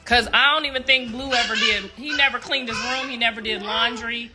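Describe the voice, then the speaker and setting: A middle-aged woman hosting a casual livestream, croaky-voiced, talking loudly and laughing as she tells stories to viewers. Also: fairly high pitch, fairly even intonation, a little fast, music in the background. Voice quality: croaky voice she likens to a frog. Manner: loud, laughing, storytelling, calls viewers y'all. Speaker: livestream host.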